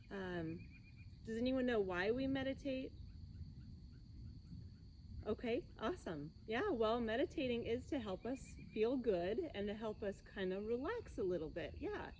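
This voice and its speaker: A cheerful woman leads a children's yoga class, coaxing the kids along with sing-song, encouraging instructions. Her voice sits a little high yet sounds soft and mellow. Faint background noise runs under the recording. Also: expressive, measured pace.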